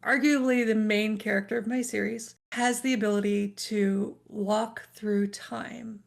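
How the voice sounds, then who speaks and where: A woman author, a guest on a podcast, talking relaxed and at length in casual chat. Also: medium pitch, measured pace, gravelly.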